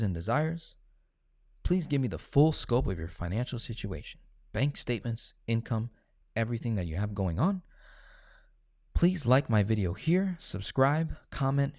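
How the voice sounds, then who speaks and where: Blunt, animated male finance coach. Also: fairly low pitch, dry recording, studio quality. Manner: blunt, animated storytelling, acts out callers and himself. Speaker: finance coach answering viewer questions. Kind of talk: casual live Q&A.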